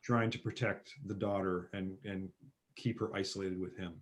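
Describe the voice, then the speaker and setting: Animated man retelling film scenes. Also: low-pitched, moderate pace. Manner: animated storyteller, acts out film scenes with sudden loud bursts. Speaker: podcast guest. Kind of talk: casual film chat.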